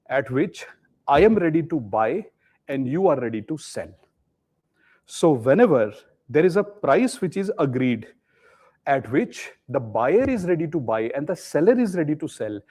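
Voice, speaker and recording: A man's voice: on the high side, darkish tone. Indian-accented man teaching economics. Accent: Indian English. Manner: explains with role-played haggling dialogues, asks the class questions. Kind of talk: live classroom lecture.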